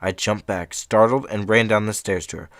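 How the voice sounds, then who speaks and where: Young man, casual horror-story reading, rambling asides, lowish voice, dry sound. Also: normal speed, fairly bright tone, dry recording. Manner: rambling, self-interrupting, chatty asides. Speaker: host reading horror stories.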